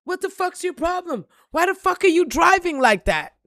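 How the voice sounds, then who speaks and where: A woman imitating an angry woman passenger who yells and curses from a car window. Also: sing-song, normal speed, dry recording, clean studio sound, full character voice. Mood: furious. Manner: shrill, cursing, indignant.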